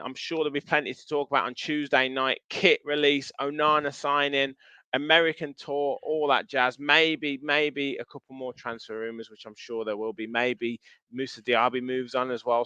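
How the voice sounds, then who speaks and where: A man's voice: mid-range voice, sharp tone, smooth, no room sound, lo-fi sound. A man hosting a casual football podcast, chatty and steering the talk. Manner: chatty, runs the show and signs off. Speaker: podcast host.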